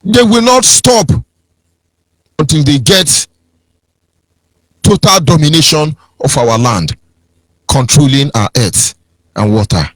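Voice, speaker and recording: A Nigerian man holds forth on a radio broadcast, his voice riding high and lilting as he preaches and mocks. The sound is close and dry, with no room around it. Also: expressive, slow pace, pauses often, no room sound. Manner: preachy, sing-song, mocking impressions of others. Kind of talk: impassioned political radio talk.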